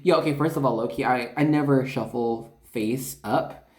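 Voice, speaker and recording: A tarot reader giving a casual spiritual card reading, excitable and chatty, with lots of fillers and asides. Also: mid-range voice, moderate pace. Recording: echoey room.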